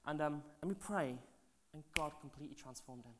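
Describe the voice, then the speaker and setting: Animated pastor preaching. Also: male voice, a little high, fairly quick, crowd noise. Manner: animated, swings between loud and hushed; chatty, asides to the congregation. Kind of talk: sermon storytelling.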